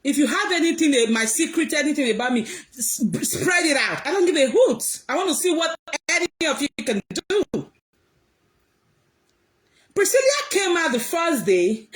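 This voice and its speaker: High-voiced emphatic woman vlogger. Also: normal speed. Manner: emphatic, animated, often raising her voice. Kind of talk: casual commentary to viewers.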